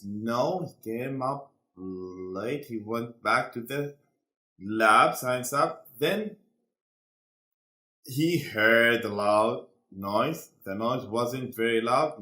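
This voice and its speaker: Male teacher, slow and deliberate, bright voice, echoey room. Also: medium pitch. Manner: slow, deliberate, quizzing students. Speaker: English teacher. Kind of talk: classroom lesson.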